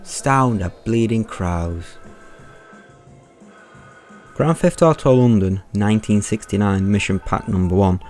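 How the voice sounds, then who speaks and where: A man's voice: fairly low pitch, darkish tone, faint music behind. A man hamming up a blustering Cockney geezer. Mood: exclaiming. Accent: mock Cockney. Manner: slow, exaggerated exclamations.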